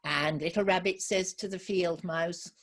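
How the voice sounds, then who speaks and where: A woman telling a children's story live to an online audience, gently encouraging and asking listeners for ideas. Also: fairly low pitch, fairly even intonation, unhurried.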